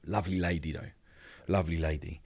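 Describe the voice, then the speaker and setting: A man's voice: extremely low pitch, steady tone, fast talker, a little mellow, husky. A man, a podcast guest telling an emotional personal story and acting out the other people's lines as he goes. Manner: vivid storyteller who acts out quoted dialogue.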